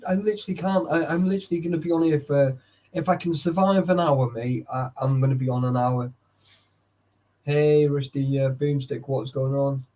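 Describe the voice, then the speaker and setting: A man's voice: on the high side, steady tone, normal speed, dark tone. A young man chatting casually with live viewers, tired and sleepy, swearing often and greeting chatters by name. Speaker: livestreamer.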